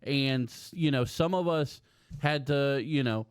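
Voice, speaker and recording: A man's voice: mid-range voice, slow pace, smooth, no room sound, clean studio sound. A man with a Midwestern American accent, co-hosting a casual chat, reflective and agreeable. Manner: agreeable, reflective, backs up his co-host. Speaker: podcast co-host.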